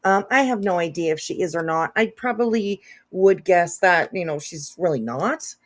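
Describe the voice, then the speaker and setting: Woman, commentary host, lowish voice, rambling, filler words. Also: animated, moderate pace. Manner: rambling with many fillers and restarts. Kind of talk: casual commentary.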